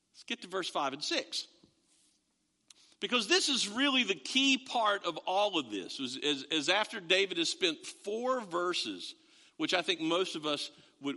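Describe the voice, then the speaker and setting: A man preaching a sermon in a church, in a conversational, animated storytelling way. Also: on the high side. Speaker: pastor. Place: church sanctuary. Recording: long reverb of a large hall.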